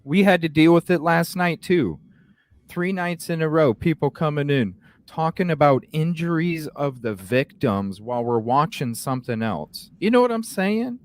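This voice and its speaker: A man's voice: fairly high pitch, animated, moderate pace. A man hosting a live podcast, ranting heatedly and cursing constantly, often asking "you know what I'm saying?". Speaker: podcast host. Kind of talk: heated live-stream rant.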